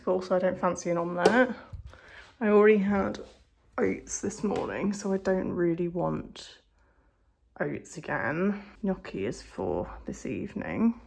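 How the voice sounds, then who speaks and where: Young girl rambling at home, a bit gravelly, self-deprecating. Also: fairly low pitch, darkish tone. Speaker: vlogger. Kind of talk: casual vlog chat. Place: home, indoors.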